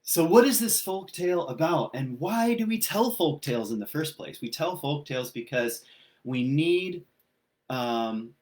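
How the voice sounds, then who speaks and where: A man giving a relaxed, conversational livestreamed sermon as pastor, telling a folktale with frequent pauses and ums. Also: mid-range voice. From Ireland.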